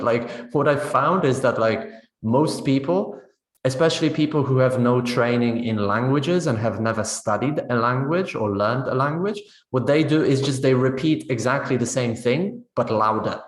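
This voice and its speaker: A man giving a teacher-training webinar on pronunciation, talking in a conversational way and often checking in with "right?". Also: medium pitch. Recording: roomy echo.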